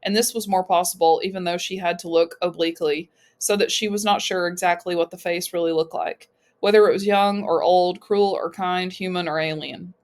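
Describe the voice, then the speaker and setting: A woman narrates a novel as an audiobook reader. Her voice sits fairly low, and she raises pitch and loudness when she speaks for the characters. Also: fairly even intonation, brisk. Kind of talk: reading a novel aloud.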